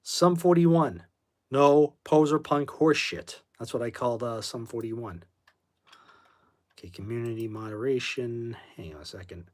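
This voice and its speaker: A man hosting a laid-back phone livestream talks at a moderate pace in a mid-range, somewhat mellow voice. Between rambling about music, he gets angry at commenters and swears as he removes them from chat.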